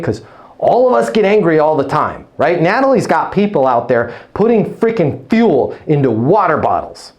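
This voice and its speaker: A man's voice: fairly high pitch, darkish tone. Blunt, emphatic male sales coach. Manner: emphatic, blunt, casual swearing. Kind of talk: coaching session.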